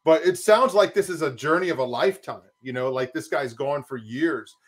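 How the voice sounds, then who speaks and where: A man's voice: on the high side, moderate pace. A man co-hosting a casual reaction podcast, rambling with lots of fillers as he talks. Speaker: podcast co-host.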